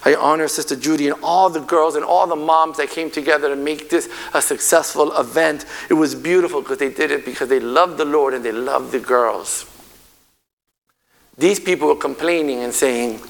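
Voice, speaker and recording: A man preaching a passionate sermon as pastor, swinging from loud declarations to hushed, quiet passages. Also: fairly high pitch, lively intonation, moderate pace, vocal fry.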